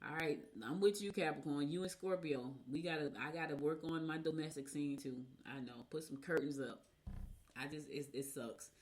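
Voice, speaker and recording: Low-voiced chatty woman host. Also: steady tone. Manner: talkative, rambles into personal asides; talks fast by her own account. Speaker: radio show host. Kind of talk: casual chatty horoscope reading.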